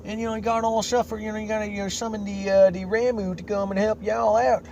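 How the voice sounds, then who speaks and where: A podcast host recaps a story casually, rambling and correcting himself in asides. His voice is high and fast with little pitch movement, and the recording is slightly dull with faint noise.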